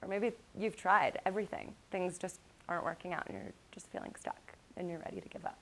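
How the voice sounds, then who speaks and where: A woman giving a motivational keynote to college students, mixing lively storytelling with calm guided meditation passages. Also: on the low side, brisk, slight background noise. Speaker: motivational speaker.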